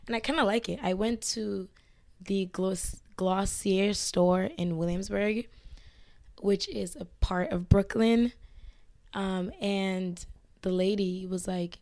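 A young woman hosting a casual podcast, hoarse from losing her voice to illness, rambling with lots of fillers. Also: mid-range voice, steady tone, a little slow, a little mellow, no echo. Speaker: podcast host. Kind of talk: casual chat. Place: indoors, filmed for a video podcast.

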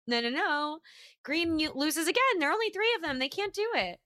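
A woman co-hosting a chatty podcast reacts quickly and with emphasis. Her voice is bright and a little high, swinging freely across its range. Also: animated. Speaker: podcast co-host. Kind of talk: casual chat.

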